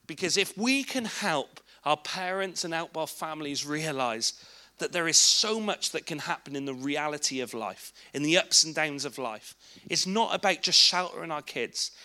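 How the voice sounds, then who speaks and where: Bright-voiced English man telling a story. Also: a little high. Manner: informal, candid storytelling with asides to the audience. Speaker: speaker at a church children's ministry event. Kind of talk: personal testimony talk.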